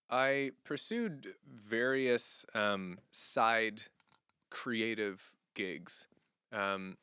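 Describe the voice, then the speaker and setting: A young man chatting casually on a livestream, answering viewer questions in a relaxed, rambling way and laughing often. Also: lowish voice, clean tone, no echo, clean studio sound. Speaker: streamer.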